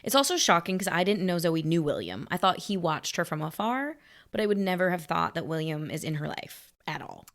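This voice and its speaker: A woman co-hosts a casual film-review podcast on a studio mic. Her voice swings widely in pitch and carries a gravelly fry. She talks playfully and energetically. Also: a little fast. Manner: animated, playful, acts out quoted lines. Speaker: podcast co-host.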